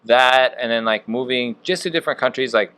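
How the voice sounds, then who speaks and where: A man's voice: medium pitch, brisk, bright, forceful tone, clear, resonant tone. Laid-back man in his thirties. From Wisconsin, USA. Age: 30s. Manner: laid-back, heavy filler "like". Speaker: chef and restaurant owner. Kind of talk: casual podcast chat.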